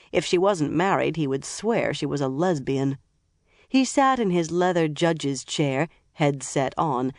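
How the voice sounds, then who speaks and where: An audiobook narrator reading a crime thriller in an even, measured way. The voice sits at a middle pitch. The recording is dry and close to the mic. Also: no echo.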